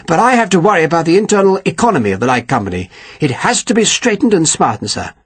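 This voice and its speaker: A man's voice: a little high, sing-song, fast talker, a bit bright, slightly rough, pitched above the performer's own voice, full character voice. A man putting on a clipped, complaining army captain. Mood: aggrieved. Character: stiff, pushy male army captain, disdainful.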